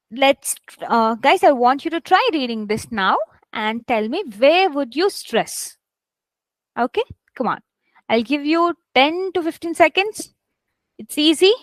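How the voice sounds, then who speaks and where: High-voiced woman teaching a live class. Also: animated, no echo, low-quality recording. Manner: chatty, addresses students as guys, many okays; models reading aloud with stressed words and pauses. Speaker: English test instructor.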